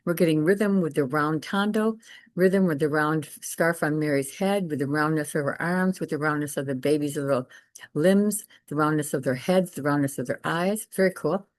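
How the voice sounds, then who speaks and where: A woman art teacher giving a casual lecture over slides, enthusiastic and quick to repeat herself. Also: deep voice, no echo.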